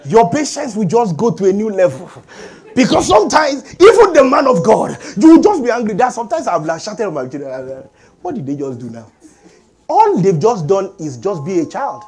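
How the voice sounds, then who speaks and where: A middle-aged man preaching a sermon as pastor, animated and calling for amens from the congregation. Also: high voice, brisk. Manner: animated preaching with call-and-response.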